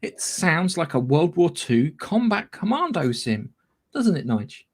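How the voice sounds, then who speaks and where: A man's voice: a little high, sing-song, measured pace, husky. Rambling man chatting games. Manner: rambling, swears freely, laughs often. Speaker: podcast co-host. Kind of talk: casual chat.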